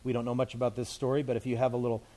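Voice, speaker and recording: A man's voice: medium pitch, monotone, racing, warm tone. A man, a pastor, teaching through scripture verse by verse in a conversational sermon, explaining it in plain everyday words.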